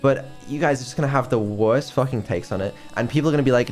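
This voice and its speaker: A man's voice: medium pitch, quick pace, darkish tone, faint music behind. Hesitant, swearing male stream host. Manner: hesitant, full of ums, swears casually. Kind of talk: casual stream chat.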